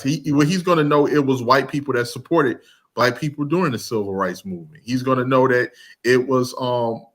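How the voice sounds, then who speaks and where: A man hosting a commentary channel talks casually in a medium-pitched, sharp-toned voice. He's blunt and emphatic, often restarting his sentences.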